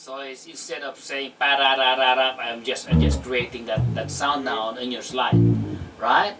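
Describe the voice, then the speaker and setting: A man teaching a casual beginner bass lesson in a small practice room, counting beats and scatting rhythm syllables as he demonstrates. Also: lively intonation, normal speed, gravelly. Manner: repeats words and restarts, talks loosely to the student. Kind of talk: casual hands-on music lesson. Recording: distant mic with loud guitar playing.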